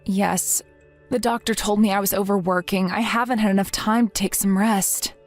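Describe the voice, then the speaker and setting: A woman's voice: mid-range voice, fairly even intonation, normal speed, faint music behind, lightly acted. A woman voicing an exhausted, desperate young mother who speaks in an apologetic, pleading way. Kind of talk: text-message story read aloud.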